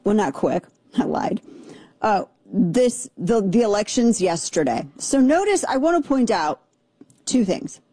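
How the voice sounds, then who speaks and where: A woman's voice: medium pitch, very animated, a little slow, dark tone, breathy edge, no room sound. A woman hosting a talk radio show, talking in a chatty, rambling way with jokey digressions, on a studio microphone.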